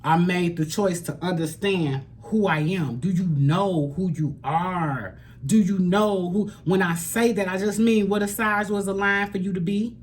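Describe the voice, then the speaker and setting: A woman giving a spiritual tarot reading to camera, earnest and preachy. She repeats phrases for emphasis and sometimes drops to a soft near-whisper. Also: fairly low pitch, measured pace, hardly any pauses, slight background noise. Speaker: tarot reader.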